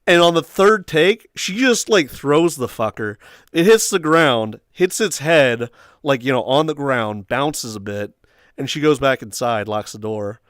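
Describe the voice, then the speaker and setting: Animated young man telling a story. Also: medium pitch, a little slow, clear, resonant tone, dry recording, clean studio sound. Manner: animated storytelling, acts out quotes in squeals and shrieks. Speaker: host. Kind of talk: casual chat.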